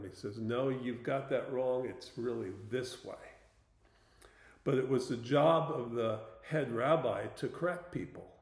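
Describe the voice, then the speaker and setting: A man giving an informal Bible teaching talk, plain-spoken and unhurried, pausing with fillers as he explains. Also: mid-range voice, reverberant.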